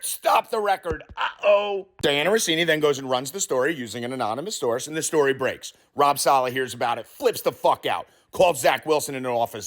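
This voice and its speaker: A man's voice: mid-range voice, a little fast, hardly any pauses. A man hosting a sports betting show, telling a comic conspiracy story with heavy swearing and acted-out quotes. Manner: profane, animated storyteller acting out quotes.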